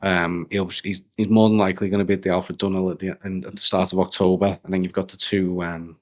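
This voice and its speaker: A young man talks in a low voice and a loose, rambling way. He co-hosts a casual chat, full of slang and banter. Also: level tone, quick pace. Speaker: podcast co-host.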